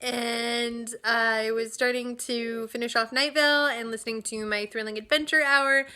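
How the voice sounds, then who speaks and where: A young woman chatting casually as a vlogger about new motherhood, upbeat and relaxed with fillers and small laughs. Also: fairly high pitch, normal speed, smooth. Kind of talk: casual chat. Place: home nursery.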